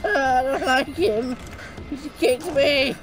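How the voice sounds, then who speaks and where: A man doing gaming commentary, swearing constantly and yelping and shouting in panic as he plays. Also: very high-pitched, slow pace, soft background music. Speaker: gaming streamer. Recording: noisy, with game sounds behind. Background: game sounds.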